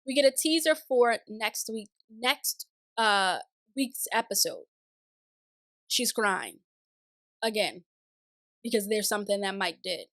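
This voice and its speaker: A woman's voice: mid-range voice, lively intonation, takes it slowly, long pauses, fairly bright tone, no echo, studio quality. A young woman recapping a reality show in casual, sassy commentary with exasperated, opinionated asides.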